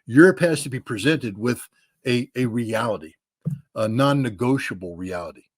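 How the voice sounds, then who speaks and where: A man's voice: mid-range voice, animated, moderate pace, dry recording. A man giving blunt, opinionated commentary as an interview guest, emphatic and repetitive, dropping casual slang. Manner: blunt, emphatic, repeats words, says dude.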